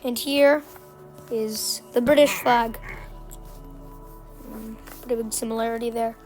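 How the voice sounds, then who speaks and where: Slow, playful woman narrating a game tutorial. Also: a little high, fairly even intonation, faint music behind. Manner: slow, playful and self-joking, with many fillers and trailing phrases. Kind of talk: casual gameplay tutorial commentary.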